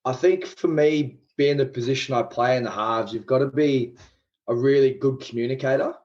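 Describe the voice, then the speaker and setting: A man's voice: medium pitch, moderate pace, darkish tone, muffled recording. An Australian man in his twenties, a pro rugby league player chatting casually as a podcast guest, loose and self-deprecating. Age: 20s.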